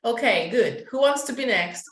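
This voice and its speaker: A woman from Colombia with a Paisa Spanish accent, teaching an English class and modelling sounds slowly, slipping into Spanish to explain. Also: on the high side, expressive, roomy sound, rough recording.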